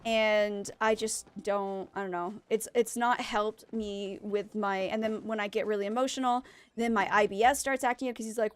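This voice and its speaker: A woman's voice: medium pitch, steady tone, moderate pace, smooth, no room sound. A young adult woman streaming a game and chatting candidly with her viewers, venting emotionally and often restarting her sentences. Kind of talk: casual chat with viewers while gaming.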